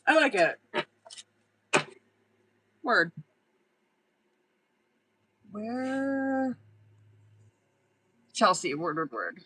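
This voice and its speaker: Casting: young woman tarot reader on a live stream, bright tone, blunt, swears a lot, chatty. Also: mid-range voice, sing-song, drawn-out words, pauses often, husky, rough recording. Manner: blunt, profane, chatty, laughs often.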